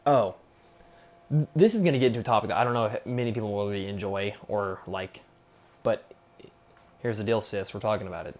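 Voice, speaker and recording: A man's voice: fairly low pitch, slight background noise. A young man hosting a solo podcast, rambling and swearing, with "okay?" tagged on after his points. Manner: rambling, profane, repeats "okay?". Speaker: podcast host. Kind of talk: casual solo podcast rant.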